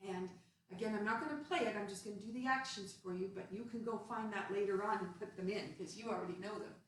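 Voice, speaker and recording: A woman's voice: medium pitch, fast, distant mic. A woman teaching a playful children's movement lesson, guiding actions step by step in a sing-song way. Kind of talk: guided kids' movement lesson. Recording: very echoey room, voice off-mic, faint hiss.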